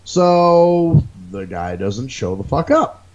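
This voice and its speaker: A man's voice: medium pitch, takes it slowly, dull audio. A man hosting a podcast, telling a long profane rant in casual chat and acting out the people he quotes. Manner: animated storytelling, mimics people he quotes. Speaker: podcast host.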